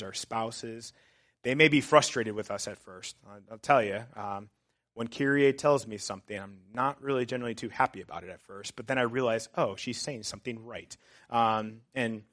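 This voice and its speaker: A man, a pastor in his thirties, preaching a sermon in a conversational, somewhat sarcastic way that builds to loud, emphatic urging. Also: on the low side.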